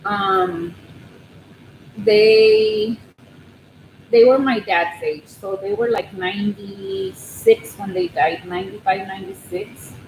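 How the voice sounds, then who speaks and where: Slow, hesitant woman chatting on a livestream. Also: mid-range voice, gravelly. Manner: rambling and hesitant, many ums and restarts; nervous, soft-spoken. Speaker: crochet channel host on a livestream. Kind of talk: casual live chat with viewers. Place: living room at home. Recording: roomy room with steady background noise.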